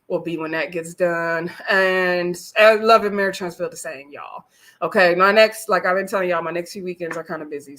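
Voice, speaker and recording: Bright chatty woman recapping live. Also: medium pitch. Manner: chatty, laughs often, acts out quoted voices. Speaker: vlogger recapping a reality show. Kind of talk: casual live-stream recap.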